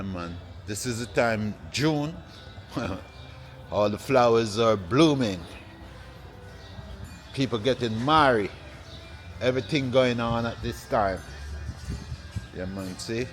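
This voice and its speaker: A man, vlogging casually while walking through an open-air plant nursery with a handheld phone, relaxed and repeating "yeah, man" often. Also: mid-range voice. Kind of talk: casual walking vlog to camera.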